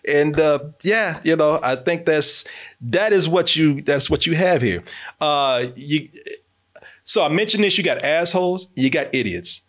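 A young man hosts a casual movie review podcast in an emphatic, animated way. His voice sits a bit high and swings widely in pitch as he rants. He swears freely and laughs along with his co-hosts. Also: measured pace. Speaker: podcast host.

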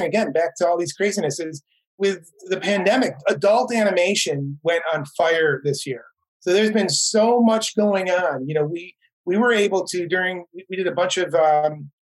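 A man's voice: sits high, rough recording. A man, a guest who produces animation, chatting casually and telling stories on a video call, often restarting his sentences. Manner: rambling, restarts, enthusiastic storytelling.

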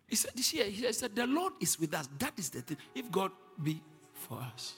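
Male preacher, high animated voice, long hall reverb; quiet teaching that rises to shouted declarations. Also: a little slow, husky, faint music behind. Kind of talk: sermon.

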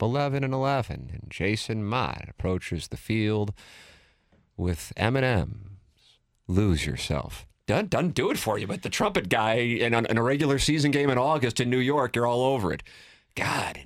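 A man's voice: fairly low pitch, big pitch swings, moderate pace, creaky, dry recording, studio quality. A man hosting a sports radio show, chatting casually and teasing his co-host while reading out listener texts.

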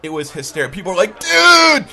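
A man's voice: on the low side, a little fast, a bit bright, faint music behind. A man telling a story in a casual podcast chat, in a snarky, wry way, laughing often.

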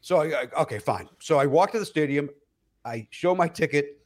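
Animated man telling a comic story. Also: a little high, moderate pace. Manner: animated storyteller, loud acted-out quotes, frequent laughs; many fillers and restarts. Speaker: comedian guest. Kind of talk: casual podcast storytelling.

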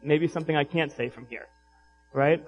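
A man preaching a sermon in an animated, emphatic way, with rhetorical questions to the congregation. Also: mid-range voice, moderate pace, dull audio, faint music behind. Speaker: pastor.

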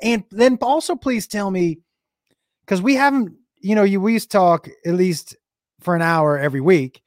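A man's voice: high-pitched, normal speed, no echo, studio quality. A man hosting a casual chat, eager and friendly with slangy talk. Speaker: host.

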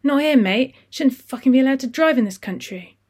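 Narrator doing an enraged van driver, loud and high-pitched, yelling threats at the man who hit his van in a storybook reading. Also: steady tone, quick pace, lightly acted. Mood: furious. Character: angry shouting male van driver.

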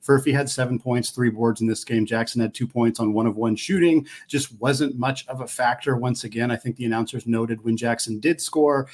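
A man with a husky, slightly rough voice talks through college basketball results. He speaks casually, pausing to restart phrases as he works out his point. His pitch sits in an ordinary middle range for a man. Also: steady tone. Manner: analytical, thinks aloud with restarts. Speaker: sports podcast co-host. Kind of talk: casual sports talk.

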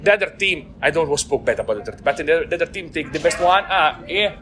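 An Italian man, a team manager, speaking in halting, broken English with many restarts and frequent laughs in a post-race interview. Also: fairly high pitch, lively intonation, noisy background.

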